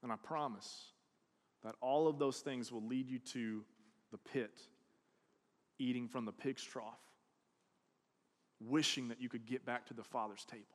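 A man preaching a sermon, telling a personal story and acting out quoted voices, swinging from hushed to loud. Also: mid-range voice, steady tone, a little slow, long pauses. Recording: long hall reverb.

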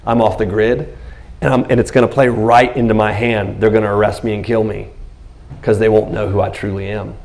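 Man pastor, gravelly voice, lively sermon full of acted-out quotes. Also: fairly low pitch, brisk, a little hiss or hum. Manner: animated preaching, acts out biblical scenes in quotes.

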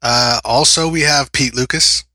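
A man co-hosting a podcast, explaining the format in a relaxed way with plenty of filler words. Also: medium pitch, unhurried, no room sound. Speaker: podcast co-host. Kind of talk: casual podcast chat.

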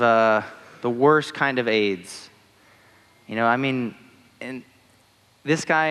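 A man's voice: medium pitch, fairly bright tone. A young adult man preaching a casual sermon in a chatty way, full of fillers like "like" and "you know". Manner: conversational, uses many fillers like "like" and "you know". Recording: long hall reverb.

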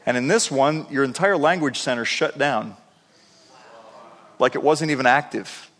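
A man preaching a sermon, telling stories with animated emphasis and repeating words as he builds up. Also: mid-range voice, moderate pace, in a large hall. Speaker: pastor. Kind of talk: sermon storytelling.

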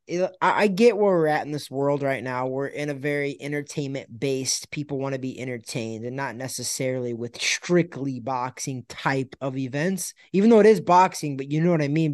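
A man's voice: on the high side, normal speed, no echo, studio quality. A man hosting a casual podcast, giving blunt opinions with emphatic stress and many stumbling restarts. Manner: emphatic, stumbles and restarts when making a point. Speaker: podcast host and boxing pundit.

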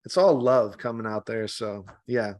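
A man's voice: lowish voice, normal speed, darkish tone. A man guesting on a podcast as a meditation guide, chatting casually, swearing freely and restarting his sentences often. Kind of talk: casual interview chat.

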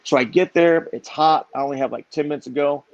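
A middle-aged man telling a story in lively conversation, acting out the voices of the people in it. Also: fairly high pitch, quick pace, no room sound. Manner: animated, acts out quoted voices. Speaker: podcast guest. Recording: dull, dry, lo-fi sound.

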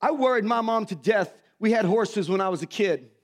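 A man preaches a sermon, telling homespun stories and poking fun at himself. His voice sits high for a man. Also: expressive, normal speed. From Missouri. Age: 50s. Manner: folksy, self-mocking storytelling with acted quotes. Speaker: pastor.

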